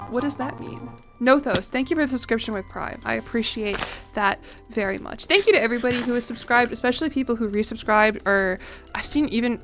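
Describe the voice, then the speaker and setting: A woman's voice: on the high side, fairly bright tone. A young American woman chatting casually on a game stream, reading chat aloud with a chatty, self-deprecating manner. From United States. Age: young adult. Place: home room.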